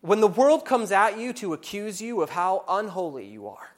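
High-voiced earnest man preaching. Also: sing-song, normal speed. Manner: earnest preaching, voice rising into loud accusing passages and dropping low and soft. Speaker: pastor. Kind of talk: sermon.

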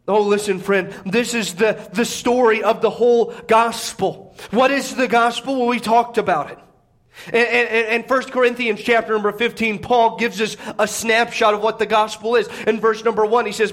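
The pastor's voice sits high and a bit bright, with fairly even intonation and a normal pace. He preaches casually to a congregation indoors, often asking "okay?", laughing at his stories, and speaking softly so as not to wake the babies.

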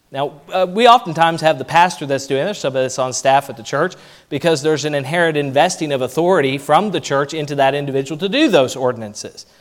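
A man preaching a sermon as pastor, emphatic, his voice rising and falling in loudness. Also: medium pitch.

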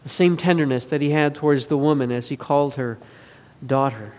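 Earnest higher-voiced male preacher in a hall. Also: quick pace. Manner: earnest, swings between forceful and hushed. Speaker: pastor. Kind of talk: sermon. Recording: long reverb of a large hall.

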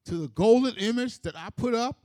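Retelling a scripture story, a preacher voices a proud, angry ancient king, pitched higher than his own already high voice. The king speaks with mock generosity and a taunting edge. The sound is close and dry. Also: brisk, mellow, no room sound. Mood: mock-generous.

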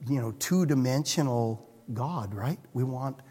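A man preaching a sermon as pastor, earnest, moving between hushed and emphatic passages. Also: medium pitch, lively intonation, unhurried, breathy edge. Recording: long reverb of a hall.

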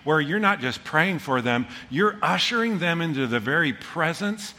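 A man preaching a sermon as a pastor, animated and excitable, rushing ahead in bursts and then reining himself in. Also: on the high side, long reverb tail.

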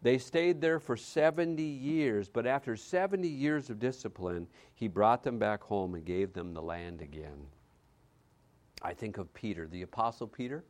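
A man preaching a sermon, reading scripture with dramatic swings between loud declaration and hushed quiet. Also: on the low side, moderate pace. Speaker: pastor.

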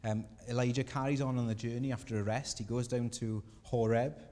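A man preaching a sermon as pastor, earnest and gentle, his emphasis rising on key points. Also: mid-range voice, level tone, fairly quick, big-room sound. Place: church.

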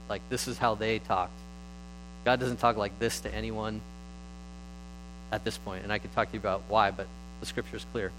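A man's voice: on the low side, slight background noise, rough recording. Man preaching in a conversational way. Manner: conversational, animated storytelling. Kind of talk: sermon.

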